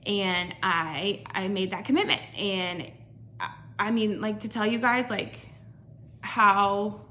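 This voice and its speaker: A woman's voice: mid-range voice, steady tone, slow, bright, forceful tone. A woman in her thirties telling her own story in a personal vlog, candid and rambling, with many fillers and restarts. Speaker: vlogger.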